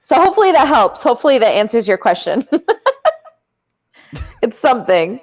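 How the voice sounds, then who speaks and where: A woman with a fairly high, very lively voice hosts trivia in a giggly, teasing way. Her sound comes through a dull, lo-fi mic. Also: moderate pace. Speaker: trivia host. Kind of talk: casual chat.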